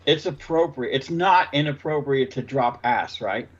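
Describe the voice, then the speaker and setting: A man's voice: medium pitch, lively intonation, moderate pace, dull audio. Podcast co-host guy, regular voice, teasing and crude jokes. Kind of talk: casual podcast banter.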